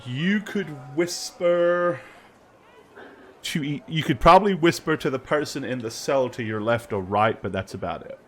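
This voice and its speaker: A man narrating as game master, relaxed and hesitant, with lots of ums. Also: medium pitch, moderate pace, a little hiss or hum.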